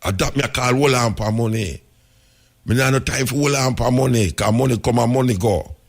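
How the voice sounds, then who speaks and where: A man's voice: mid-range voice, brisk. Jamaican guy on talk radio, medium voice, preaching-style storytelling in patois. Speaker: radio host.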